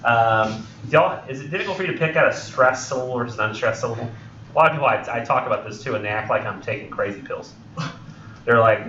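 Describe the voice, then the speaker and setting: A man's voice: mid-range voice, quick pace, pushed and bright, slight background noise. Rambling man lecturing in a roomy classroom. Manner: rambling, joking, many ums and self-corrections. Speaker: college English instructor. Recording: roomy, distant, dull lo-fi classroom recording.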